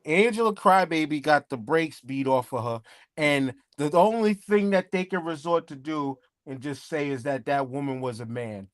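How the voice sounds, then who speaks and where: A man's voice: a little high, normal speed, no echo, clean studio sound. A man co-hosting a casual podcast chat, cracking jokes, swearing freely and boasting about his punchlines. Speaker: podcast co-host.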